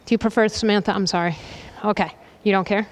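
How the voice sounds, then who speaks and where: A woman soccer coach leading a goalkeeping demonstration with players, brisk and directive, checking in with a constant "okay?" and loudly calling out commands. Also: mid-range voice, fairly even intonation. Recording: reverberant hall, voice from a distance.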